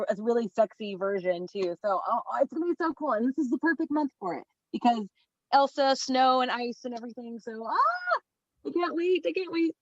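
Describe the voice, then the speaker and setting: Bubbly higher-voiced woman. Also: no echo. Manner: bubbly, excitable, frequent fillers. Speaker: guest. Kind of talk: casual podcast chat. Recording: dull, dry lo-fi sound.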